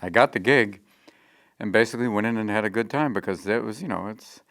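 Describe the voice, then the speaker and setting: A middle-aged man being interviewed, telling animated stories and jumping into quick voices. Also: fairly low pitch, no echo, clean studio sound. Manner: animated, slips into quick character voices mid-story. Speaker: interview guest, comedian. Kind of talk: anecdotal interview storytelling.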